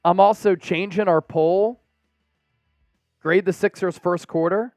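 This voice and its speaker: A young man hosting a live sports stream, calling the plays and reading out chat shout-outs with energetic, excitable bursts. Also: high voice, a little slow, dry recording, clean studio sound, soft background music.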